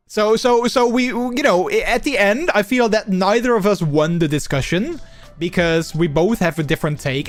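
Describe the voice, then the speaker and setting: Man, Dutch accent, native Dutch speaker, casual stream chat, a bit high, soft music behind. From Netherlands. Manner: chatty, reads chat aloud and answers. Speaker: live streamer. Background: faint background music.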